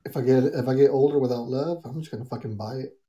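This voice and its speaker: A man's voice: mid-range voice, fast, dark tone, breathy edge, muffled recording. A man talking as a guest in a casual chat, joking crudely and dropping Spanish slang, heard through a phone headset.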